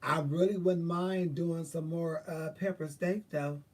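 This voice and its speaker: Brief: man vlogger, higher-pitched, loose profane chatter, mic a bit far off. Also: measured pace. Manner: chatty, profane, animated, thinking aloud. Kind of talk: casual rambling monologue.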